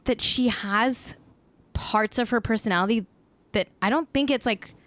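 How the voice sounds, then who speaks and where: A woman's voice: on the high side, moderate pace, fairly bright tone, no room sound. A young woman hosting a podcast from her desk at home over a video call, chatting casually and frankly, swearing freely and saying "like" a lot. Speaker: podcast host. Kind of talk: casual chat.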